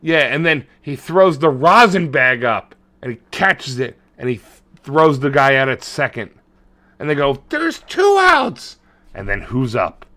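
A man's voice: mid-range voice, normal speed. A man co-hosting a podcast, ranting and swearing as he retells a movie in casual chat. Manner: profane, ranting, animated retelling. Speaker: podcast co-host.

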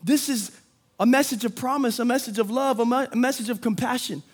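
A man preaching a sermon with energy, building to shouts and acting out quick voices for the people in the story. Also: very high-pitched. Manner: energetic, rising to shouts, acts out disciples' voices. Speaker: pastor.

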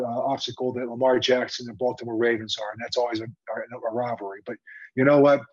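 A former coach turned TV analyst tells his story with a husky, breathy edge to a mid-pitched voice. He talks in an animated, casual way full of fillers. The recording sounds dull and lo-fi. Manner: animated, conversational, with frequent fillers. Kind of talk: storytelling interview answer.

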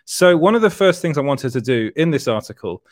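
A man's voice: fairly high pitch, sing-song, a little fast, dry recording, studio quality. Rambling British man hosting a livestream. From Britain. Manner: rambling, self-correcting, laughs often. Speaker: host. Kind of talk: casual livestream chat.

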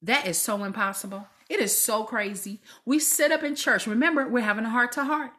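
Husky woman preaching on a podcast. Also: fairly high pitch, fairly quick. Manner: preachy, exhortative, dips into soft whispers. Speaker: podcast host. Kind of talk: faith-based podcast talk.

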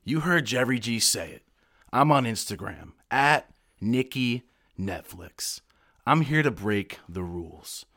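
A man's voice: medium pitch, expressive, slow pace, fairly bright tone. A young man from the United States, a guest on a podcast, telling stories in a brash, boisterous way full of swearing. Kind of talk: casual podcast storytelling.

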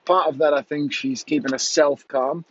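A man's voice: on the high side, fairly even intonation, normal speed, lo-fi sound. A man talking candidly in a personal vlog, rambling and correcting himself as he goes, recorded on an earphone mic. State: has the hiccups. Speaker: vlogger.

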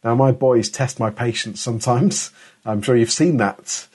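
A man's voice: mid-range voice, measured pace, darkish tone, husky. A middle-aged man preaching a sermon in an earnest, emphatic way, often restarting his words.

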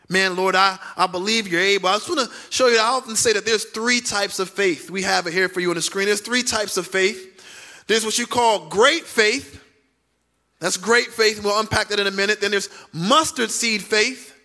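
A man preaching a sermon as pastor, speaking to the congregation with direct questions and drawn-out emphatic words. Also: sits high, sharp tone. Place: church sanctuary.

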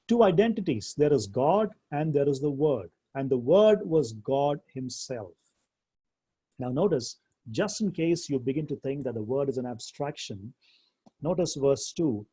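A man teaching a Bible class, speaking deliberately and with emphasis, slowing down to quote scripture. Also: a little high, mellow, slightly rough. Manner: deliberate, emphatic, slows down when quoting scripture. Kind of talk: theology lecture to a class.

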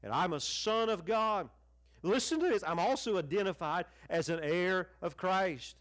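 A middle-aged man preaching a televised sermon, fervent, swinging from raised exclamations down to hushed, quiet lines. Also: expressive, normal speed. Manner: fervent preaching with wide swings in pitch and loudness, dropping to near-hushed lines. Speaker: pastor.

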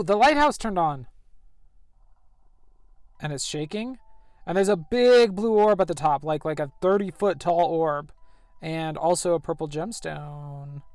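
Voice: mid-range voice, darkish tone, clean tone, dry recording. Chatty game narrator over faint music. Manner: chatty, narrates actions, voices characters loosely. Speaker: gameplay narrator. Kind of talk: casual game let's play, reading dialogue aloud.

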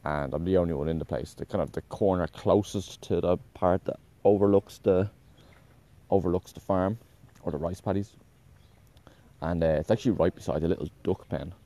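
A man's voice: low voice, moderate pace, warm tone. A man talking in a casual, meandering monologue, correcting himself often and swearing offhandedly.

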